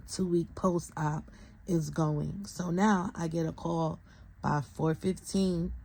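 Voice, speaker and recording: Exhausted young woman vlogger, flat low gravelly voice, venting straight to camera. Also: low-quality recording. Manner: venting, tired, talks straight to viewers. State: exhausted, close to tears. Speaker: vlogger, parent of a sick child. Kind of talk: emotional vlog update.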